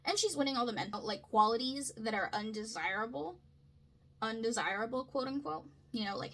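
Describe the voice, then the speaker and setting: A woman breaks down a story in an easy, conversational way, often pausing to check in with her listener. Her voice sits a little high and has a sharp, bright tone. It is also breathy and a bit husky. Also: poor audio. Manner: chatty, frequent checks like "right?" and "okay?". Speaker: video essayist. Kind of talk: casual literary analysis.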